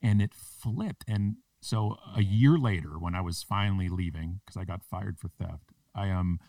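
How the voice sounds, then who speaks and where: A man with a fairly low voice tells a story on a podcast, landing his self-mocking jokes with punchy timing. He sounds a little distant from the microphone. The recording is dry, with no room echo. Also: normal speed, dark tone. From Canada. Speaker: podcast guest, public speaker. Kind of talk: animated storytelling in a podcast interview.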